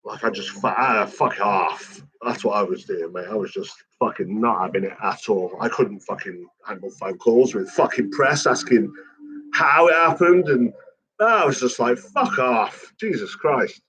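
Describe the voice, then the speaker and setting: A man's voice: on the low side, normal speed, fairly bright tone, husky, low-quality recording. A man talking casually and emotionally about his late father, swearing a lot and rambling. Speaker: son of a late cartoonist, guest.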